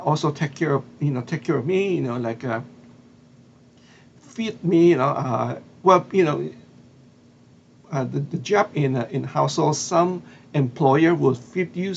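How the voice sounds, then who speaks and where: Gravelly Filipino man, halting casual talk. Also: medium pitch, a little mellow, muffled recording, a little hiss or hum. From Philippines. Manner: hesitant, many fillers and restarts. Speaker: vlogger. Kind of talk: casual storytelling monologue.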